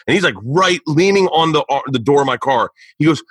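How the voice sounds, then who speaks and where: A man, a comedian, spins a profane anecdote in loose podcast conversation. His voice is bright and a little husky, and he sits fairly high for a man. The sound is dry and close. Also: quick pace, few pauses, dry recording, rough recording. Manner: animated, profane, laughing storyteller. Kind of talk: casual podcast storytelling.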